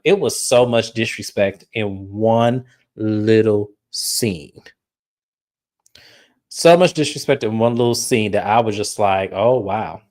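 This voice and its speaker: A woman's voice: very deep voice, darkish tone. A woman hosting a podcast, casually recapping a reality show in a blunt, swearing storytelling way. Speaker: podcast host.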